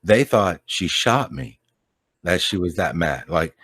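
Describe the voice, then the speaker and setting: A man's voice: low-pitched, sing-song, slow, fairly bright tone, slightly rough, dry recording, clean studio sound. A man in casual chat as a podcast guest, telling a story in a laid-back, rambling way, swearing and laughing often.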